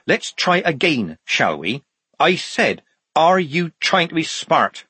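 A man's voice: medium pitch, big pitch swings, moderate pace, breathy edge, no echo, voice pushed up. A man doing a fierce young woman sergeant. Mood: commanding. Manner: sharp, commanding, barking orders.

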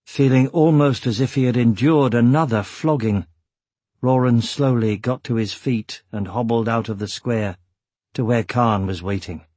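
A man narrating an audiobook with measured, steady storytelling. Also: medium pitch, no echo. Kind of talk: scripted narration.

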